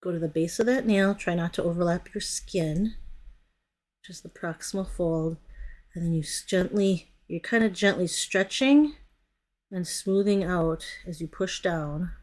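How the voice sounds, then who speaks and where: An American nail product stylist with a lowish, darkish voice speaks at a measured pace. Her tutorial is casual and chatty as she narrates what her hands are doing, often trailing off and correcting herself.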